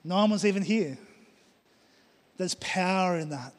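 A man's voice: high voice, unhurried. A middle-aged man preaching a sermon with emphatic, repeated phrases in a church. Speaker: pastor. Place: church hall. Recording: long hall reverb.

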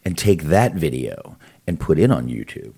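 A man with a deep, low voice co-hosts a podcast over a video call. He talks loosely and profanely, wanders between thoughts and fills the gaps with "um" and "uh.". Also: sing-song, moderate pace, vocal fry, dark tone, husky. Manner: loose and profane, rambling with fillers. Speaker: podcast co-host. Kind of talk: casual chat.

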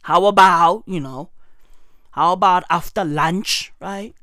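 A woman giving a comedic rant, incredulous and exaggerated, often breaking into shouts. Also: lowish voice, slow, dry recording, studio quality. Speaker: comedic commentator.

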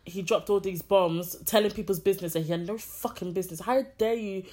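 A woman in casual chat, animated and exasperated, swearing freely. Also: mid-range voice, brisk.

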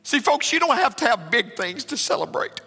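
A man's voice: extremely high pitch, sing-song, fairly quick, bright, forceful tone, husky. A man preaching a sermon, emotional and building to fervent exclamations. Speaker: pastor. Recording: long hall reverb with faint music.

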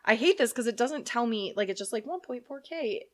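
A woman's voice: fairly high pitch, lively intonation, brisk. A woman co-hosting a comedy podcast, crude and jokey, laughing often and trying out silly accents. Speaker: podcast co-host. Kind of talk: casual comedic chat.

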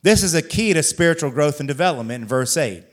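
With a fairly high pitch and lively intonation, a male pastor reads scripture aloud in measured rhythm during his sermon. He drives home each point with repeated rhetorical questions.

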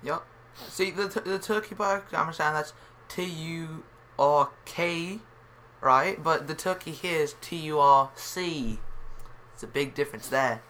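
A man with a Scottish accent playing a boastful, rambling tall-tale teller in an improvised comedy sketch, deadpan and repetitive. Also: a little high, moderate pace, slight background noise. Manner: deadpan, rambling, repeats himself.

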